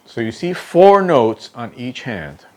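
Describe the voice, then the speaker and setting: A man's voice: medium pitch, sing-song, takes it slowly, a little mellow, slight background noise. A man teaching a drum technique, explaining step by step, counting aloud while he demonstrates, and often checking in with "okay?". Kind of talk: instructional demonstration.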